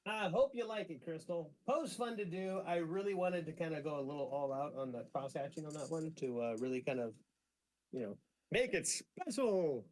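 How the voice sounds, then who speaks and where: A man drawing live on a stream and chatting casually, relaxed and dryly joking. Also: fairly high pitch, moderate pace. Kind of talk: casual chat.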